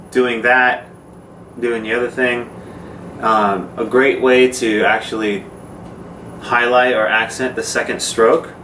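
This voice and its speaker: A man gives a laid-back drum lesson, explaining strokes in plain, informal words. His voice sits at an ordinary pitch and is picked up from across an echoey room, with noise in the background. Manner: relaxed, informal, with fillers and demonstrations. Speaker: drum teacher. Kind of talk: casual instructional talk. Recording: echoey room, mic far off, noisy.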